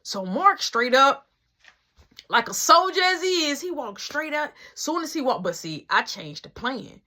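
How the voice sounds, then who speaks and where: Animated young woman telling a story. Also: high-pitched, a little slow. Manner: animated, acting out dialogue in whispers. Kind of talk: storytime vlog.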